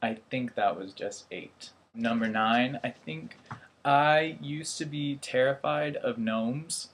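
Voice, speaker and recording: A man's voice: medium pitch, slow pace. Rambling, self-mocking young man. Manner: rambling, self-deprecating, laughs at himself. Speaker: vlogger, airman. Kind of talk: casual vlog chat.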